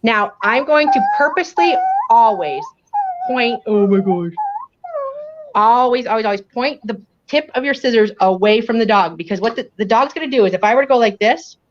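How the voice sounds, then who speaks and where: A woman with a Western New York accent, a professional dog groomer, giving a chatty, animated grooming demonstration and checking in with "okay?" as she goes. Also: fairly high pitch, normal speed, slight background noise. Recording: dull lo-fi audio.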